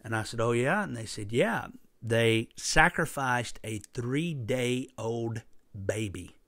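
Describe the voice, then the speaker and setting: A man preaching a sermon through a personal story, impassioned and emphatic, with sudden loud bursts. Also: mid-range voice, slow pace, no room sound.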